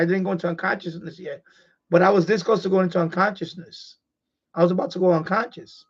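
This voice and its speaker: A man with a high voice hosts a live stream and tells a personal story casually and with energy, swearing freely. His words come fast in bursts and then slow down, and the talk stays plain and unscripted. The audio is somewhat dull and lo-fi, as from a home stream. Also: creaky. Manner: animated and profane, retelling a scary event.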